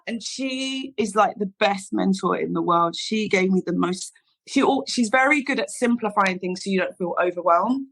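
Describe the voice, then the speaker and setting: London hairdresser lady telling her story on a podcast, lively, does the voices of people she quotes. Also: medium pitch, moderate pace, low-quality recording. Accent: London English. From England. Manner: animated, acts out quoted people in her stories. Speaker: guest, hairdresser and salon founder. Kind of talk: casual interview storytelling.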